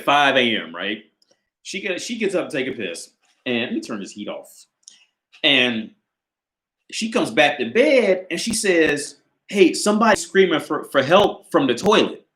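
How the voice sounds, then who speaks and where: A man's voice: on the high side, very animated, measured pace, long pauses, fairly bright tone. A man telling a story on a casual livestream from his small apartment, profane and laughing often, filmed on a hand-held camera. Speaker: livestream host. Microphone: phone or camera carried by hand.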